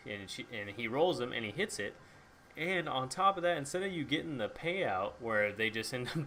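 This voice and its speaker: A man's voice: mid-range voice, a bit bright, slight background noise. A young man chatting casually about a book and its movie, swearing freely and acting out lines. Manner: acts out characters' lines in quick asides. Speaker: book reviewer.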